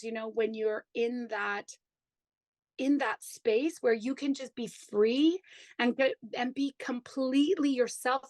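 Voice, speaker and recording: A woman with a fairly high voice tells her own story as a podcast guest. She talks in a chatty, enthusiastic way and often says "like" and "you know". Her voice sounds dry and close, with little room sound. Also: no room sound, low-quality recording. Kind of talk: personal storytelling in conversation.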